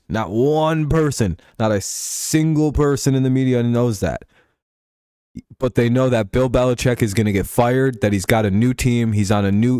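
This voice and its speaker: A man's voice: medium pitch, darkish tone, no room sound. A man hosting a casual sports commentary show, rambling and profane, laughing often between points. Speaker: show host.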